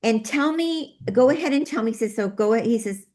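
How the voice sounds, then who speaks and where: A woman's voice: a little high, animated, a little fast, hardly any pauses, darkish tone. Earnest woman healer relaying messages. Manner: earnest, relays quotes in a repeated 'he says' pattern. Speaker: guest, medical intuitive healer.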